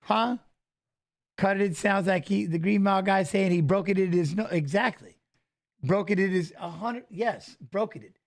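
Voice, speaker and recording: A middle-aged man in casual chat, telling a story with swearing and loud, exclaimed quotes. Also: sits high, normal speed, gravelly. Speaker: fight analyst streaming a watch-along.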